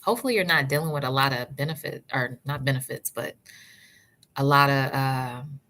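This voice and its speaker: Woman hair vlogger, low pitch, bright forceful tone, chatty live-stream advice with friendly asides. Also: normal speed. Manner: warm, chatty, answers live chat by name, calls viewers sis and love; encouraging, advice-giving. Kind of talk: casual livestream chat.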